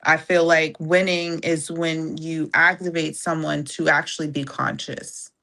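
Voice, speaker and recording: Woman, lowish voice, reflective, halting, lots of fillers, podcast chat. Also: flat delivery, creaky, pushed and bright. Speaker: podcast guest. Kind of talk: casual conversation.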